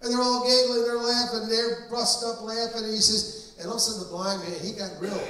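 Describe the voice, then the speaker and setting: A man's voice: sits high, level tone, a little fast, sharp tone. A male pastor preaching a deliverance-service sermon in an emphatic storytelling manner with frequent fillers. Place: church hall. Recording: echoey church hall, mic distant.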